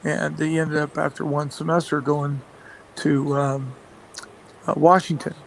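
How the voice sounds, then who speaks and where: Man, football coach, gravelly, monotone, rambling anecdotes, lots of fillers. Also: a little high, unhurried, slight background noise, low-quality recording. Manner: rambling, many fillers and restarts, chuckles often. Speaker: football coach and play caller. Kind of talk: casual anecdotes in a radio interview.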